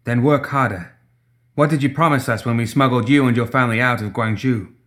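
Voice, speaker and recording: A man reading the part of a ruthless female gang enforcer who speaks quietly, coldly and with firm determination. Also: medium pitch, a little fast, close to an everyday voice. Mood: cold menace.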